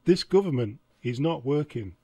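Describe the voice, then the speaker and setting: A man's voice: medium pitch, animated, moderate pace, warm tone, dry recording. A man hosting a reaction channel, exasperated and sarcastic as he comments on clips. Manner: exasperated, sarcastic, laughs often.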